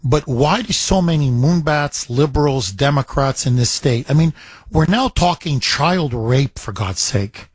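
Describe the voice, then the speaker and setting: A man's voice: a little high, animated, a little slow, breathy edge, dry recording. A man hosting a talk radio call-in show, chatty and repeating phrases for emphasis.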